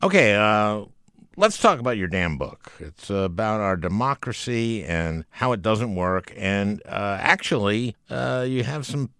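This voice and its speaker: A man hosting an interview, who cuts in with lively jokes and asks blunt questions. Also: lowish voice, unhurried, smooth, dry recording, clean studio sound. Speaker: interview host. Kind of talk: casual interview chat.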